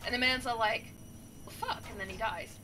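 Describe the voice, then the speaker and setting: A woman gaming streamer retelling a story in a chatty, animated way, with many fillers. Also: fairly high pitch, quick pace, slight background noise. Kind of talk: casual storytelling while playing a game.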